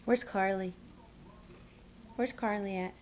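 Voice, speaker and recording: A woman's voice: mid-range voice, fairly even intonation, takes it slowly, darkish tone, a little hiss or hum. A woman filming her toddler at home on a camera's built-in mic, coaxing her in sing-song baby talk and scolding her now and then. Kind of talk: home video, talking to a toddler.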